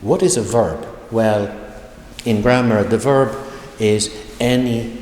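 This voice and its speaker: A man teaching an online language lesson, speaking slowly and deliberately and repeating example phrases. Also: on the low side, a little mellow, a little hiss or hum. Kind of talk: online video lecture. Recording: echoey room with long reverb.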